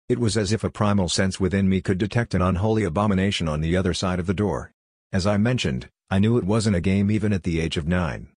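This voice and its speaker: A man with a very low, husky voice reads a horror story in a measured, grave way. The sound is close and dry, with no room around it. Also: dry recording. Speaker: narrator. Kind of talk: scripted horror story narration.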